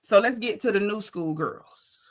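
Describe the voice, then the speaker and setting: At a measured pace and medium pitch, a live streamer gives her frank, casual take on a reality show while saying hello to chat viewers. She's talkative and opinionated, using "you know" and "like" constantly.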